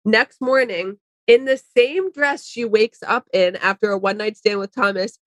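A young woman co-hosting a casual chat, telling stories fast and casually with swearing. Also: mid-range voice, no echo. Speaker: podcast co-host.

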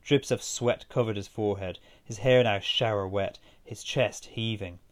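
A man reading a first-person story aloud in a steady, measured way. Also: fairly low pitch. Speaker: narrator.

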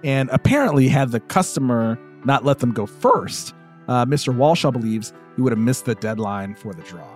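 A man's voice: mid-range voice, animated, moderate pace, faint music behind. A man hosting a comedy podcast, chatting in an upbeat, casual way. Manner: upbeat, chatty, lots of fillers. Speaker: host.

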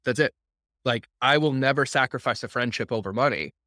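A man hosting a podcast, chatting loosely and replaying little exchanges in a lively storytelling manner. His voice is bright and forward. The sound is close and dry, with no room around it. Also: mid-range voice, a little fast, dry recording. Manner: rambling, retells dialogue with lots of "I was like". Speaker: podcast host. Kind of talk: conversational podcast interview.

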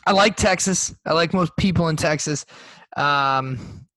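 A man co-hosting a podcast in casual chat, animated and full of restarts and hesitations. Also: a little high, a little slow, no echo. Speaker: podcast co-host.

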